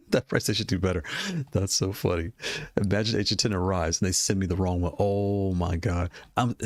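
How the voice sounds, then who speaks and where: A man's voice: low-pitched, fairly even intonation, normal speed, no room sound. A man casually talking through gaming controller prices, rambling and repeating himself with frequent laughs. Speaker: gaming hardware streamer. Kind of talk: casual product commentary.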